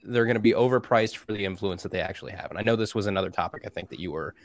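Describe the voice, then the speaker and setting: A man's voice: lowish voice, racing. A man co-hosting a podcast, talking casually with strong opinions. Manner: opinionated, mocking impressions. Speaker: podcast co-host. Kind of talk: casual chat.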